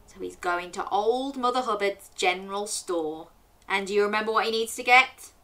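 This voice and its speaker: A woman's voice: medium pitch, normal speed. A woman in her thirties hosting a children's story show, reading a picture book aloud and asking the young listener questions. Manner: animated, asks the listener questions and waits for answers.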